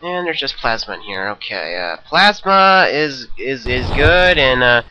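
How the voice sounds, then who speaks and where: Young guy doing let's play commentary, bright sharp voice, goofy and rambling, bit of hiss. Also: medium pitch, very animated, measured pace, hardly any pauses, dull audio. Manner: rambling, jokey, talks to himself. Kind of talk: game commentary.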